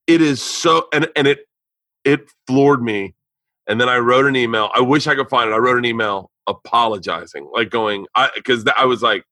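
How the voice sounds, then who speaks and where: Bright-voiced man telling a story. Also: mid-range voice, dry recording, low-quality recording. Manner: animated, profane storytelling with frequent restarts. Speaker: podcast host. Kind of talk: casual storytelling chat. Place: indoor home studio.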